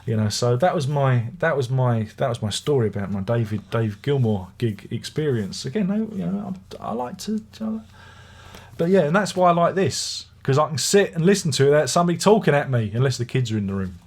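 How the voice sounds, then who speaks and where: A husky-voiced middle-aged man talks through a music review in a loose, rambling way. His chest sounds rough from being unwell, and he slips into wry, grumbling asides. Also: mid-range voice, expressive, brisk, a little mellow. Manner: chatty, wry, grumbling anecdotes. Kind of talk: casual rambling review monologue.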